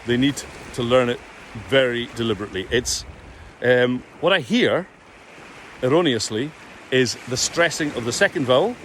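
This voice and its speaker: A man's voice: medium pitch, normal speed, pauses often, a bit bright, a little hiss or hum. A man teaching pronunciation, drawing out vowel sounds to demonstrate them. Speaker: Gaelic speech coach. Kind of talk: pronunciation lesson to camera.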